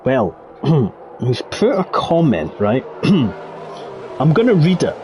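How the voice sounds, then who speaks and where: A man giving jokey, excitable live commentary on an online racing league. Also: fairly high pitch, slow pace, noisy background. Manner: jokey, excitable, laughs between calls. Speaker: race commentator.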